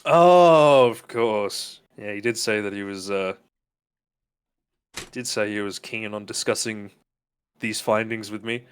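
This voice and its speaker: A man's voice: on the low side, takes it slowly, long pauses, smooth. A man voicing a polite, rambling doctor who is hosting his guests. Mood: genial. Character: genial male doctor hosting a dinner, fussy explorer.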